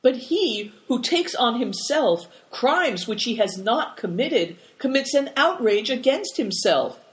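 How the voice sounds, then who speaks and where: Storybook: man reading as a courteous young traveler, high and formal. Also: very animated, takes it slowly, full character voice. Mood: earnest.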